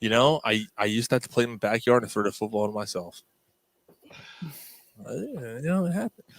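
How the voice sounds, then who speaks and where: Brief: sports podcast host in his thirties, lively high-leaning voice, crude jokes, dry room. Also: moderate pace, dry recording. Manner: profane, joking storyteller. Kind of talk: casual sports chat.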